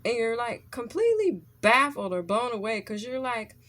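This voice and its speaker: A woman's voice: a little high, lively intonation, moderate pace, few pauses, fairly bright tone. Blunt, profane woman giving a tarot reading. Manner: blunt, profane, laughing, lots of "okay?" and "like". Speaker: tarot reader.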